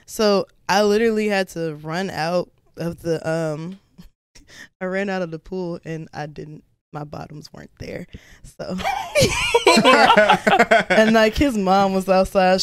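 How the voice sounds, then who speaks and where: Young woman, podcast guest, animated storyteller, acts out quotes, dry close sound. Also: measured pace, no room sound. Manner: animated, acts out quotes in high voices, laughs often. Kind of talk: casual storytelling.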